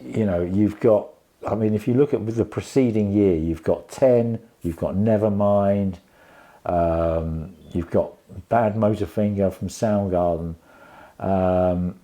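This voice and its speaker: A man's voice: sits low, mellow. A man casually reviewing a vinyl album, rambling with many fillers and restarts.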